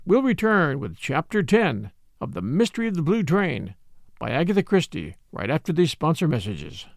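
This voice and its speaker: A man giving scripted, expressive narration of a mystery novel as an audiobook reader. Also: fairly high pitch, vocal fry, no room sound, clean studio sound. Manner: expressive, measured storytelling.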